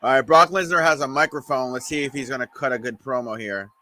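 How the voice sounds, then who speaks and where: A man's voice: mid-range voice, fast talker, pushed and bright. A man doing live watch-along commentary on a wrestling show, wisecracking offhand and talking to viewers in the chat.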